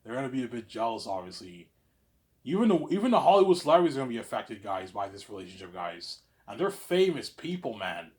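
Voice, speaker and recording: A man rambling in a monologue to his audience, boastful and repetitive, tagging his lines with "obviously" and dropping from loud claims to mumbled asides. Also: mid-range voice, big pitch swings, fast. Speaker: vlogger.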